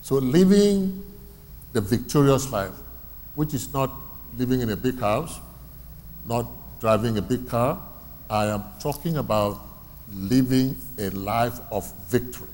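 A man's voice: mid-range voice, measured pace, pauses often, darkish tone. Man preaching with a hall echo. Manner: call-and-response questions, repeating key phrases. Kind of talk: sermon. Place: church hall. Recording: long reverb from a hall, faint ambience.

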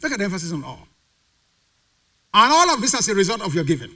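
A male pastor preaches in a church sanctuary, his voice pitched high and swinging widely up and down. The tone is bright and forceful as he throws questions out to the congregation and waits for them to answer back. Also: big pitch swings, quick pace. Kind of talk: sermon.

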